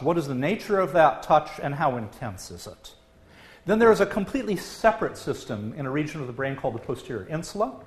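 Animated male lecturer with lively pitch. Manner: lively, animated delivery, acts out quoted voices; frequent filler "uh". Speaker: neuroscience professor giving a public lecture. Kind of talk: public science lecture.

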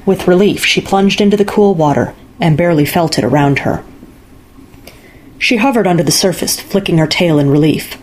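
A woman reading a fairy-tale story aloud in calm, measured narration. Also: lowish voice, a little hiss or hum. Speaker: story reader. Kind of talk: scripted narration.

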